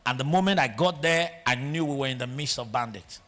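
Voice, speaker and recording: Speaking briskly in a mid-range voice, a Nigerian-accented man addresses a large auditorium as a guest speaker with a motivational talk. His storytelling is animated, alternating between loud passages and hushed ones.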